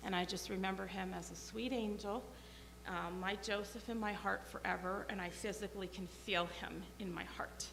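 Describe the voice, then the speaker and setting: A woman speaking at a memorial, halting with many fillers as she gives heartfelt thanks. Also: mid-range voice, fairly even intonation, creaky, a bit bright. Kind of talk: memorial speech. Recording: echoey hall with faint hum.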